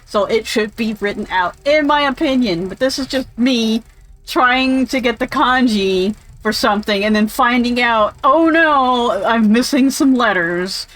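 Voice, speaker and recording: A woman with a somewhat high voice talks over a game she is playing. She rambles from one tangent to the next with plenty of fillers, chatty and opinionated, and swears offhandedly. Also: moderate pace, fairly bright tone, poor audio. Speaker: game streamer. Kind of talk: casual gameplay commentary.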